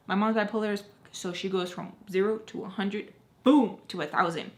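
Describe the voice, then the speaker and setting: A woman's voice: medium pitch, fairly even intonation, moderate pace. A young adult woman telling a personal story on her vlog, casual and profane, with constant filler words and emphatic asides. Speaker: storytime vlogger.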